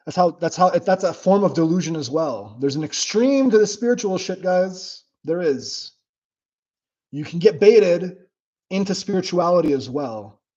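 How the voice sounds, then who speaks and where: A man hosting his own livestream, chatting casually with viewers in a blunt, profane and animated way. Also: high voice, moderate pace, lo-fi sound. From United States. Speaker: livestream host. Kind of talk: casual livestream chat reading comments.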